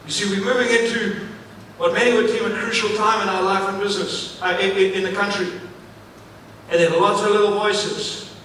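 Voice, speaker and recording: Male motivational speaker, high-pitched, punchy and repetitive, recorded from a distance in a big echoey hall. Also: fairly quick, a little hiss or hum. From Africa. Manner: energetic, repetitive, asks the audience questions. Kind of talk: live keynote speech to an audience. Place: large event venue, on stage. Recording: echoey hall, mic at a distance, faint ambience.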